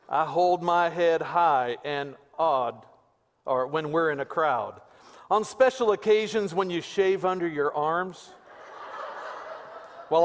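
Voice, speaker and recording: A man voicing a folksy Texas redneck husband who recites a love poem in a slow, hammy drawl, recorded in a reverberant church sanctuary. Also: on the high side, voice pushed up.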